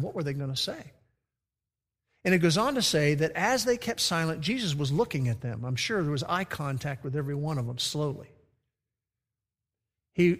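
A pastor preaching a sermon, swinging between loud emphatic stretches and hushed, slow emphasis. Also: male voice, on the high side. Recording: long reverb of a large hall.

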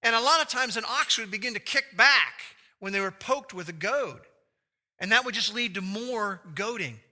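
A man's voice: high voice, animated, normal speed. A man preaching an expository sermon, explaining scripture and putting rhetorical questions to his listeners. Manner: acts out quoted speech with big shifts in loudness. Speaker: pastor.

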